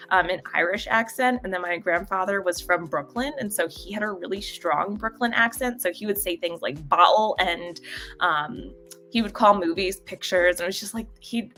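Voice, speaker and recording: A woman hosting a casual live stream, greeting viewers by name and talking in a halting way, with many fillers and frequent laughter. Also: medium pitch, sharp tone.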